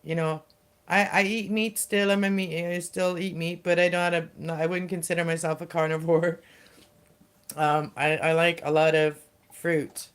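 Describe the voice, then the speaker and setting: A middle-aged woman hosting a casual livestream, talking in a rambling, halting way with lots of fillers and restarts. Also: lowish voice, flat delivery, clean tone. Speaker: livestream host.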